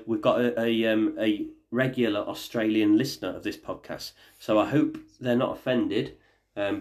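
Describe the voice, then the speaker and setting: A man's voice: on the low side, a little mellow. A man hosting a casual family podcast as the dad, chatty and jokey, leading the talk with questions.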